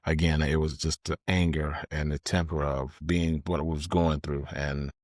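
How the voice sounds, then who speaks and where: Deep-voiced man telling stories. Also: level tone, moderate pace, no room sound, clean studio sound. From Georgia, US. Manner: candid, confessional, conversational. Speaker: host, storyteller. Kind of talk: personal storytelling.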